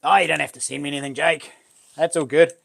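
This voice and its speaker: A middle-aged man with a New Zealand accent hosts a casual live stream, chattily reading out viewers' names and greeting them warmly. His voice is a little high, slightly rough, with vocal fry.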